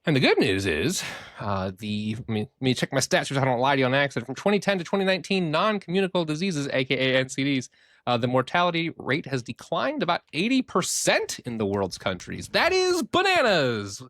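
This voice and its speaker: A man's voice: medium pitch, sing-song, fast talker, fairly bright tone, dry recording, clean studio sound. A man co-hosting a podcast in casual chat, talking in a playful, jokey way. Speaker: podcast co-host.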